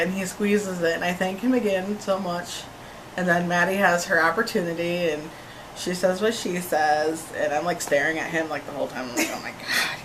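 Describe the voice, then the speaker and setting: A young woman eagerly telling a casual story, animated and laughing as she goes. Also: lowish voice, slight background noise, low-quality recording. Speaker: concert-goer. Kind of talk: casual chat.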